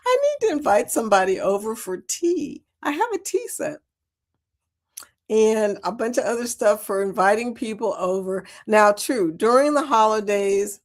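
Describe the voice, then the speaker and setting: A middle-aged woman chats casually on her livestream. She laughs often and tells her stories with a lively, swooping pitch. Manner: chatty, laughs often, animated storytelling. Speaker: host of a cruise chat livestream. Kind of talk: casual livestream chat reading viewer comments.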